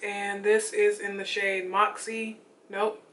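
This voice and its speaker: A young woman chatting casually and excitedly about her makeup while she gets ready at home, full of slangy asides. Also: mid-range voice, slow. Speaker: beauty vlogger. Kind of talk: casual get-ready-with-me chat.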